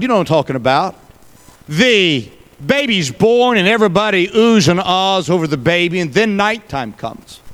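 A man's voice: high voice, a bit bright. A male pastor preaching a sermon, folksy, with joking asides to the congregation.

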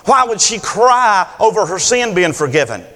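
A man preaching a sermon with lively delivery, acting out the voices of biblical figures. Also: sits high, normal speed, in a large hall.

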